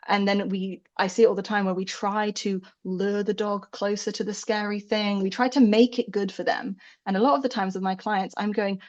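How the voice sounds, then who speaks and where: A woman's voice: mid-range voice, moderate pace, few pauses. Candid woman guest with lo-fi sound. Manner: candid and animated, swears freely, often laughs. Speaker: dog behavior expert, podcast guest. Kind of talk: casual conversational interview.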